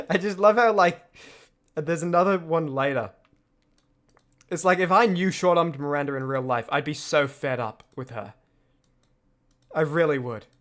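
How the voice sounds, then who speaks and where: A man's voice: fairly high pitch, unhurried, long pauses, a bit bright. A man streamer giving loose, laughing commentary on his own videos, full of restarts. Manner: rambling, laughs often, many restarts.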